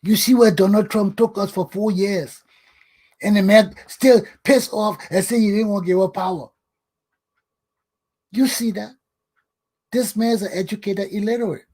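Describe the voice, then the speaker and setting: A man's voice: high-pitched, steady tone, moderate pace, pauses often, a little mellow. An older man from Liberia with a Liberian English accent, hosting his own talk show in a scolding, emphatic lecturing monologue that repeats words for stress.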